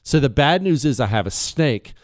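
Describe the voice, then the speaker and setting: A man hosting a talk radio show from a studio, telling a story in a casual, animated way. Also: mid-range voice, moderate pace, dry recording. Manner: animated storyteller, laughs at his own tale. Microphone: studio microphone.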